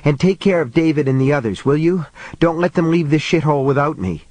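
A man's voice: fairly high pitch, animated, a little fast, a little mellow, no room sound, voice pushed up. A man reading a desperate, determined woman's lines, pleading and breathless.

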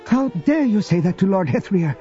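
A man's voice: high-pitched, very animated, moderate pace, mellow, voice pushed up. A man voicing a young boy who is loyal, confused and pleading, with a raised voice. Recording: dull lo-fi audio with music.

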